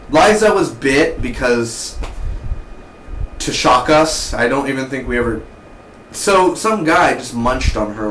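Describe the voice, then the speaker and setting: A man giving a casual, excitable spoken TV review, full of slang and mock voices for the characters. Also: medium pitch, roomy sound, slight background noise, poor audio. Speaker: TV show reviewer.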